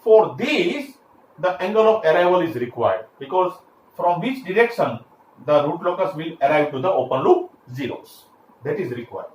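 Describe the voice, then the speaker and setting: Male lecturer, a touch higher voice, talks through steps with fillers; roomy recording with light hiss. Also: sing-song, normal speed, a little mellow. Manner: explains step by step with frequent fillers and restarts. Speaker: engineering lecturer. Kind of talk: classroom lecture. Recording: echoey room, faint background hiss.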